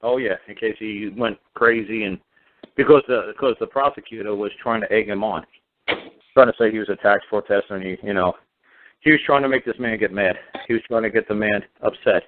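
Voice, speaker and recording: This is a man whose voice sits on the low side, talking fairly quickly. Appearing as a guest speaker on law in a relaxed radio chat, he repeats himself constantly with emphasis and sarcasm, all heard over a thin, tinny phone line.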